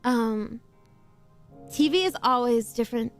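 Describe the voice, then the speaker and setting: A woman chatting casually while playing a game on stream, rambling through quick asides and laughing often. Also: on the high side, lively intonation. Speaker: VTuber streamer. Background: faint background music.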